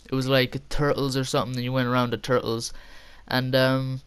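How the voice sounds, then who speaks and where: A man's voice: medium pitch, flat delivery, fairly quick, a bit bright, clean tone. A young man telling a casual, rambling story with frequent laughter and casual swearing. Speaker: vlogger.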